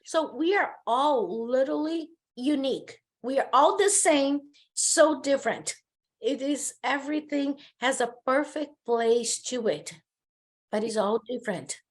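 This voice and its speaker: A woman's voice: high voice, a little slow. A middle-aged woman with a Brazilian Portuguese accent, Portuguese her first language, telling personal stories as a podcast guest in casual conversation. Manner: storytelling, animated personal anecdotes.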